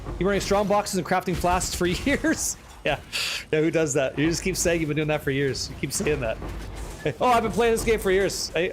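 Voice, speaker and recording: A man live-streaming a game, chatting and joking with viewers, excitable and profane. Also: sits high, a little hiss or hum. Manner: excitable, profane, teasing chat, reading questions aloud.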